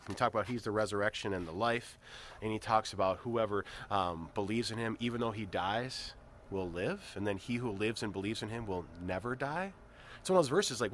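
A man as pastor giving a conversational devotional talk, growing animated when he poses questions. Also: lowish voice, slight background noise. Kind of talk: devotional sermon.

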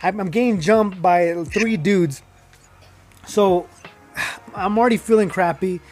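A man's voice: high voice, a little slow, a crowd in the background. A young man telling his own life story in casual, rambling talk, full of fillers and restarts, growing heated as he goes.

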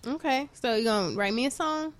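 A woman from Chicago hosting a casual chat, playful and quick to joke. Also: on the high side, lively intonation.

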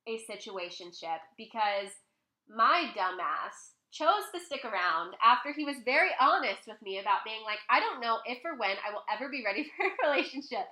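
A young woman vlogger telling a personal story in a casual, chatty way at home, full of fillers and animated quoting. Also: fairly high pitch, reverberant. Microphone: laptop mic, close.

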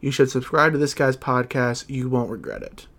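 A man's voice: medium pitch, animated, normal speed, fairly bright tone. A young man hosting a podcast in casual, profane chat, often stumbling over his words and laughing. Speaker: podcast host.

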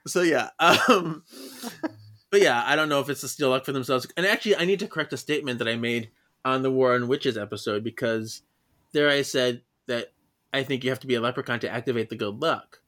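A man's voice: medium pitch, fairly quick, a bit bright. Giggly male podcast host. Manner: chatty, laughs often, leads the segments. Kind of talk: casual chat.

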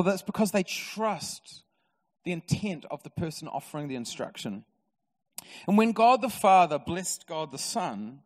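A New man delivers a sermon from a church stage, telling stories with lively humour. His voice sits slightly high, and a long reverb trails behind it through the hall. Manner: lively, storytelling preacher with humour. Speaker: pastor. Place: church auditorium.

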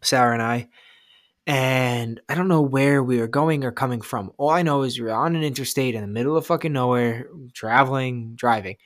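Male co-host, casual podcast chat, profane and animated, mid-pitched, dry close sound. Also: moderate pace, no room sound. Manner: profane, animated, rambling, acts out quotes loudly.

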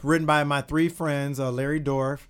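A man with a slightly raised pitch talks in a relaxed, playful way. He jokes, teases and breaks into laughs as he tells stories about his acting work. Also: moderate pace, clean tone. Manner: playful, jokey, laughs often. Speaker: guest comedic actor. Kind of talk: casual chat.

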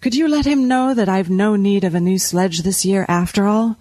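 A woman's voice: medium pitch, normal speed, mellow, dry recording, close to an everyday voice. A woman voicing a plump, jovial, stubborn middle-aged wheelwright with folksy, old-fashioned rural speech. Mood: genial.

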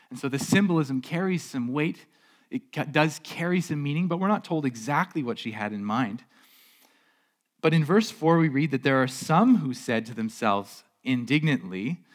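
A male pastor delivers a sermon from a church stage in a middle-range voice. He talks loosely and conversationally, often restarting or repeating a word. He keeps drawing in the congregation with rhetorical questions. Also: medium pitch.

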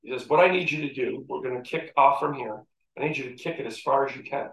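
A man telling stories from his playing days in a casual interview, animated, acting out quotes and laughing often. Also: medium pitch, fast talker, slight background noise. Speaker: interview guest, former athlete. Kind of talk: casual storytelling. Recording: echoey room.

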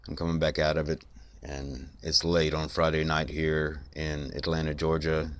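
A man, hoarse and congested from being sick, rambling reflectively in a late-night solo podcast. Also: very deep voice, completely flat delivery, normal speed, fairly bright tone, slight background noise. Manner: rambling, reflective, many fillers. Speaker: podcast host.

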